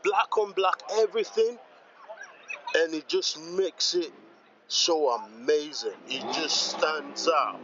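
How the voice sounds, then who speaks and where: A man with a slightly high voice and vocal fry speaks slowly while vlogging his walk through a rainy outdoor car meet. He is excitable and exclamatory, repeating himself as he points things out, and the sound is lo-fi with a noisy background.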